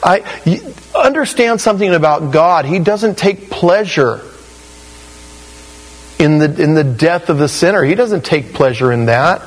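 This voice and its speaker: A man's voice: a little high, lively intonation, measured pace, poor audio. Conversational man preaching a verse-by-verse sermon. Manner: conversational and emphatic, with frequent 'you know'. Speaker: pastor. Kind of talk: expository sermon.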